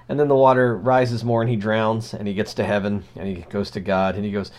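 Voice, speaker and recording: A man co-hosting a casual podcast chat, telling stories with animated, sardonic and irreverent energy. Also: on the low side, brisk, few pauses. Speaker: podcast co-host.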